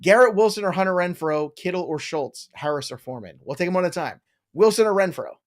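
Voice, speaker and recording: A middle-aged man hosting a live fantasy football question show, reading viewer questions aloud in a quick, jokey way. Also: high voice, animated. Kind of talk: live Q&A chat.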